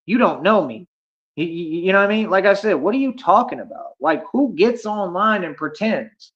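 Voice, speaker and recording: A man's voice: sits high, expressive, moderate pace, a bit bright. A man livestreaming, ranting at his chat in a boastful, confrontational, slangy way. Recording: dull lo-fi stream audio.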